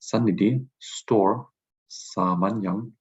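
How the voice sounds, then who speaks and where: Husky man reading vocabulary in a lecture. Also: lowish voice, lo-fi sound. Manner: repeats each word slowly, then glosses it. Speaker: language teacher.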